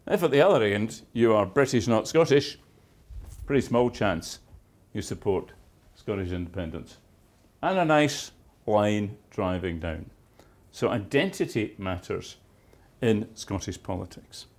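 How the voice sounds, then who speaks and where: A man's voice: fairly low pitch, expressive, a little slow, darkish tone. A man giving a university lecture, with dry, wry asides and emphatic stresses on key words. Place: lecture theatre.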